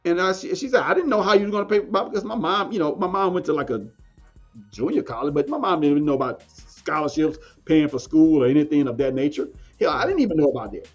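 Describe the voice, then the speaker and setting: A man's voice: a little high, expressive, quick pace, highs cut off, faint music behind. A man, a podcast guest telling a story in casual talk, often restarting and repeating phrases.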